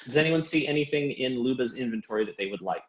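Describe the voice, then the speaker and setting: A man's voice: medium pitch, expressive, fast talker. A man as game master, narrating a tabletop game scene in descriptive detail with many fillers. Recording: dull lo-fi recording.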